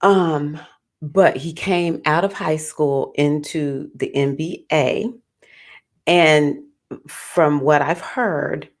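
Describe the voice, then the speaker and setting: Low-voiced, playful woman astrologer. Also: very slow. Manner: animated and playful, laughs often, calls listeners "baby". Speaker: astrologer, host. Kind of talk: casual livestream talk.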